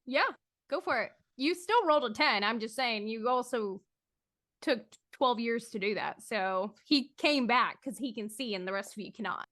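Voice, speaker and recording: A woman with a high voice runs a tabletop horror game as game master. She narrates scenes in a descriptive, suspenseful way. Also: animated, normal speed, a bit bright.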